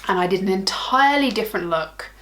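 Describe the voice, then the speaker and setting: A woman beauty vlogger chatting casually to camera in a mid-pitched voice. She gushes with bubbly enthusiasm and pokes fun at herself. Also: animated, fast, fairly bright tone. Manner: gushing, bubbly, self-mocking. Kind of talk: casual product ranking chat.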